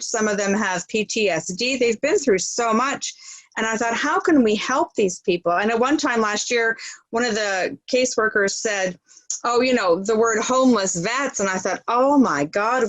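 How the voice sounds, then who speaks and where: An earnest woman who runs a charity talks through her work in a relaxed interview. She rambles a little and keeps replaying conversations. Her voice sits at a middle pitch and sounds dry and close. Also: no echo, poor audio. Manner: earnest, rambling, retells dialogue. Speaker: charity founder, interview guest. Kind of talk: casual interview talk.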